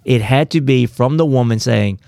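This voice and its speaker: A man co-hosting a casual Bible study talk, telling the story with animated, playful asides. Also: medium pitch, moderate pace, vocal fry, no echo, clean studio sound. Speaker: co-host of a Bible study podcast.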